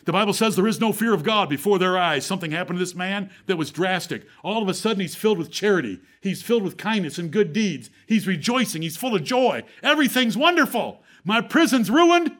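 A man preaching a sermon to his congregation. He asks rhetorical questions, quotes scripture, and swings between fervent build-ups and low, quiet stretches. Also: lively intonation, fast talker, hardly any pauses. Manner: preaches with rising fervor, then drops to a low, quiet tone; rhetorical questions and Bible quotations.

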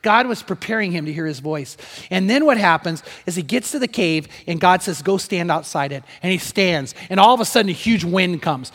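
An older man preaching a sermon as pastor, swinging from loud emphatic storytelling to hushed near-whispers. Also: sits high, fairly quick, in a large hall.

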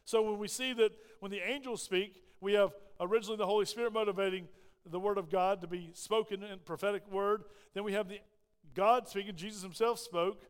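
A man's voice: sits high, fairly even intonation, brisk, clean tone. A man, a pastor preaching an emphatic sermon that swells and drops. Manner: emphatic, rising and falling preaching delivery. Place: church sanctuary. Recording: long hall reverb.

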